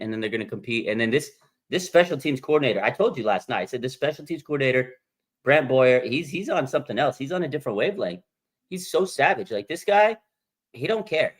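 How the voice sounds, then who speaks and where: A young man hosting a casual sports livestream, talking in a slangy, animated way and reading viewer comments aloud. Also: mid-range voice. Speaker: sports show host.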